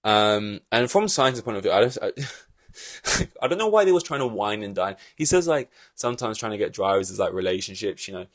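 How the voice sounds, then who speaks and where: A man hosting a casual podcast, rambling in animated reaction chat with loose swearing and lots of fillers. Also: on the low side, normal speed, no echo. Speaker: podcast host.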